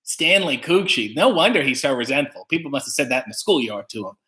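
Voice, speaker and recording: A man's voice: medium pitch, sing-song, fast, fairly bright tone. A man hosting a casual livestream, reading chat comments aloud with playful, wry asides.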